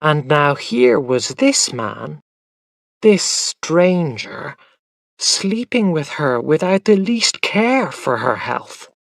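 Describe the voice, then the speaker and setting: A man narrating a graded-reader story at an unhurried pace, his pitch rising and falling in an animated way. The recording is dry and close, with no room sound. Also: vocal fry, no echo. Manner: slow, carefully enunciated reading with lively intonation. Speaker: audiobook narrator. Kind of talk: scripted story narration for English learners.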